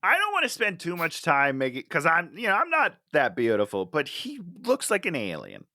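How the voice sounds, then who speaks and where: A man with a high, bright voice that swings widely up and down as he mocks a movie in casual podcast chat. He is sarcastic and animated and swears freely. The recording is close and dry. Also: normal speed, no echo. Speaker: podcast co-host.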